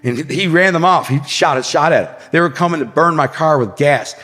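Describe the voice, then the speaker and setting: A man's voice: a little high, fairly bright tone, in a large hall. Intense man telling a violent story. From Detroit area. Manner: intense, fast-moving, says bro and man a lot. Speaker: podcast guest telling his story. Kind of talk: animated storytelling.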